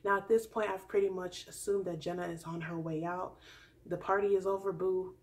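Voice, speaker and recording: A woman's voice: on the low side, fairly even intonation, brisk. Sassy young woman vlogging casually. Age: 20s. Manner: sassy, candid, playful asides and rhetorical jabs. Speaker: vlogger recapping a reality dating show. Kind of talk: casual recap chat.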